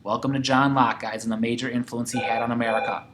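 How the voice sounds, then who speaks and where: A man's voice: mid-range voice, quick pace, slight background noise. A man teaching a sixth-grade history lesson, talking to his class and acting out quoted voices. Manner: animated, acts out quoted voices.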